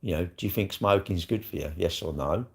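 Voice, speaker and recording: A man's voice: low voice, fairly quick, vocal fry. A middle-aged man, rambling bluntly and crudely in a casual livestream chat, tossing in tag questions as he answers comments. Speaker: livestream host.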